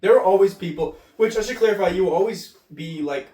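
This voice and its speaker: A man's voice: sits high, fast talker, mellow, faint music behind. Chatty young American guy, roomy and distant. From United States. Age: 20s. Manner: loose and chatty, heavy on fillers. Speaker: English tutor. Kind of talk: casual spoken explainer.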